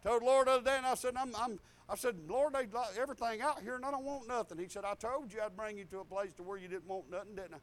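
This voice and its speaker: A man's voice: steady tone, fast, few pauses, fairly bright tone. An older man, preaching a folksy sermon full of stories, laughter and hallelujahs. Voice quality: high-pitched. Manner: rambling storytelling with laughs and hallelujahs.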